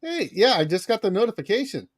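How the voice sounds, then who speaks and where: A man's voice: high-pitched, sing-song, fast, crowd noise. A man co-hosting a casual livestream chat, cheerfully greeting viewers by name. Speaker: livestream co-host.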